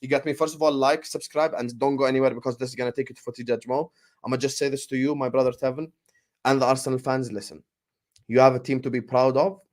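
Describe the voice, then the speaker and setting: A man co-hosting a football fan livestream, reading super chats with slangy, animated banter. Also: mid-range voice, quick pace. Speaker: football show co-host.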